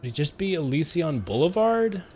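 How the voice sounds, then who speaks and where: A man's voice: on the high side, big pitch swings, normal speed, a little mellow, breathy edge. A young man streaming live and chatting casually while gaming, rambling with stammered repeats and frequent giggles.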